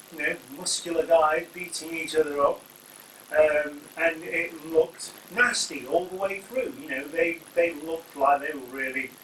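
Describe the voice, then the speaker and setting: A man's voice: fairly high pitch, a bit bright. A man hosting a casual, rambling spoken review full of jokey asides. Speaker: wrestling reviewer, channel host. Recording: echoey room, distant mic, faint hum.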